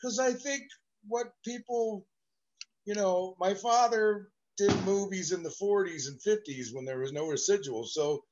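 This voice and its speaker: A man in his fifties from Southern California, a guest in an interview, telling animated, rambling anecdotes about his childhood. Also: sits high, a little slow, highs cut off, slight background noise. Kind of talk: storytelling interview.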